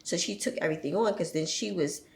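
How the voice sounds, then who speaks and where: A woman's voice: fairly low pitch, fast talker, vocal fry, echoey room. A woman in her forties chatting on a podcast, telling stories with laughter and acting out her children's voices. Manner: lively storyteller, acts out her children's voices, laughs often. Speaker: podcast guest. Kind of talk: casual chat.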